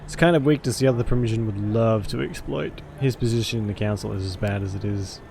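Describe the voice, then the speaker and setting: A man voicing a gravelly hard-boiled vampire detective. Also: lowish voice, quick pace, noisy background. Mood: gruff. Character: gruff streetwise male vampire detective, cynical. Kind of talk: visual novel voice acting.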